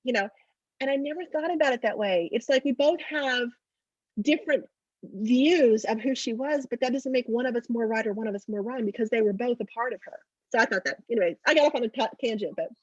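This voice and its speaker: Animated woman telling stories, husky lo-fi. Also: fairly high pitch, a little fast, no echo. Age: 40s or older. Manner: animated storyteller, acting out family voices. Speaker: author and literary agent. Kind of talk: virtual fundraiser interview, storytelling. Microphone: video call. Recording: lo-fi video call audio.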